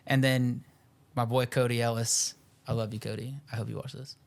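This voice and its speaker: A man's voice: medium pitch, little pitch movement, fast, clean tone. A young man co-hosting a podcast, telling a rambling, profane anecdote in casual chat, full of "like" and quoted dialogue. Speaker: podcast co-host.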